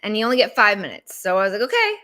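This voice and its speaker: A woman with a bright, crisp voice tells her own story as a business coach. She is animated and slips into the voices of her past conversations as she retells them. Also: mid-range voice, racing. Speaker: business coach and podcast host. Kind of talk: personal storytelling monologue.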